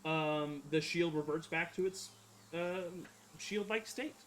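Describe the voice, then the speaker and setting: A man running a tabletop game as its game master, his voice set a bit high for a man. He narrates haltingly, stacking fillers and correcting himself mid-sentence. A faint background hiss sits under him. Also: a bit bright.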